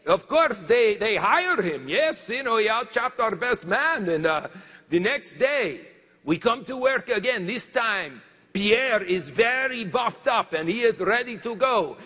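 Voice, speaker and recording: Guy hamming up a french lumberjack, slow broken english, fishing for words, comic tale. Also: very high voice, big pitch swings, pushed and bright, in a large hall, heavily acted. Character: boastful male French lumberjack, adult. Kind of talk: comic storytelling on stage.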